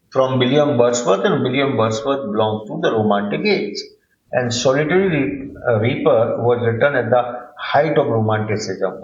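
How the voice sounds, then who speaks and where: A man teaching English literature, working through a poem in a halting, filler-laden lecture. His voice rings in a roomy space, and the recording sounds a little dull. His pitch sits in the ordinary middle range for a man. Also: darkish tone, a little hiss or hum. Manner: halting, with frequent fillers and repeated words. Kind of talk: explanatory lecture.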